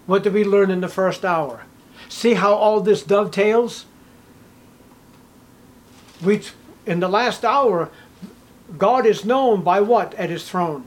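A male pastor preaching a sermon, emphatic, swinging between hushed lines and raised, punchy ones. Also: high voice, takes it slowly, long pauses, poor audio.

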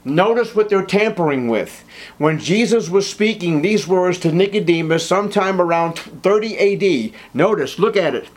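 A man's voice: expressive, moderate pace. Earnest man preaching a sermon. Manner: earnest, emphatic preaching that rises in pitch and force on key points. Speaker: pastor.

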